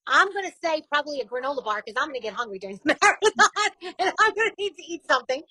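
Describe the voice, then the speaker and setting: A woman in her forties with a New York accent, a radio host telling her story in a casual interview, candid and quick to laugh. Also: high-pitched, sing-song, bright, forceful tone, dry recording, poor audio.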